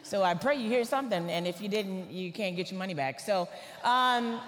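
A woman, from Atlanta, giving a church sermon full of humorous personal stories told in a lively, animated way. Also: mid-range voice, normal speed, in a large hall, a little hiss or hum. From Atlanta, Georgia, US. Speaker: guest preacher.

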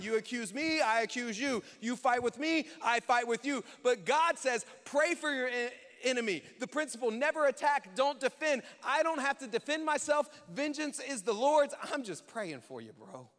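A man preaching a sermon in a church, animated and conversational, acting out quotes. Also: extremely high pitch. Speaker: pastor. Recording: long church hall reverb.

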